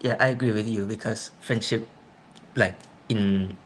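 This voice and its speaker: A man's voice: fairly low pitch, steady tone, a little slow, slight background noise, low-quality recording. A young man in a casual student discussion. He thinks aloud and checks in with others by asking "right?". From Thailand. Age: young adult.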